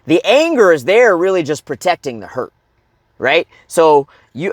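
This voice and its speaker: Here the same kind of coach speaks high-pitched and very animated, at a moderate pace, captured dry with clean studio sound. A middle-aged man, he gives other men motivational advice bluntly, peppering it with profanity and repeated "okay?" and "right?" check-ins.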